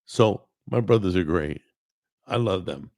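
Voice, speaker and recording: A man's voice: sits low, animated, measured pace, darkish tone, no room sound. A man hosting a live stream, chatting casually and rambling, greeting people in the chat and often correcting himself. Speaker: host.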